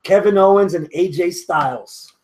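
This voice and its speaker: A man's voice: high voice, normal speed, a little mellow. A man co-hosting a casual wrestling talk show, moving the chat along with short remarks. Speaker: podcast co-host.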